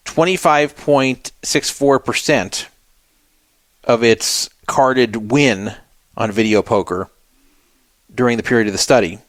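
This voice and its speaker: Guy hosting his podcast solo, mid-pitched, wry and doubtful, dead dry mic. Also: no echo. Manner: skeptical, wry, reads viewer comments aloud. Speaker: podcast host. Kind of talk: casual solo commentary.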